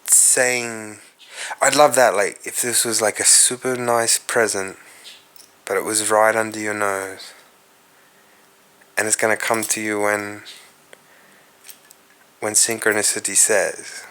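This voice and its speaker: An Australian man talks unhurried in a rambling solo monologue, musing aloud and dropping casual swearwords. His voice sits in a middle register with a bright, slightly tense edge. He speaks straight to the viewer as though chatting one on one. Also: lowish voice, flat delivery, clear, resonant tone. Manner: musing, profane, addresses viewers directly. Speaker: podcast host.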